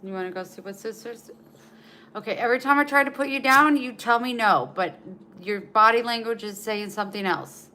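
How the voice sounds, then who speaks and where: A woman's voice: on the high side, brisk, pushed and bright. A woman chatting casually on a live stream at home, talking to viewers and cooing to her dog in baby talk. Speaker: vlogger.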